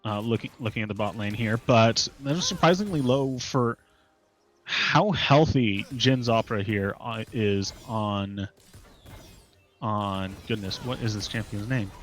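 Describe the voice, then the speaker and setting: A man's voice: fairly low pitch, unhurried, fairly bright tone, faint music behind, poor audio. Chatty male esports analyst. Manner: conversational analysis with light laughs and filler. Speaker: esports caster. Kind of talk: color commentary.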